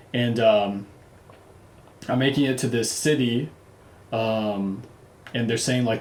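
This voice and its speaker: A man casually telling a travel story, loose and profane, with lots of fillers and restarts. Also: medium pitch. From United States. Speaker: vlogger. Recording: roomy echo.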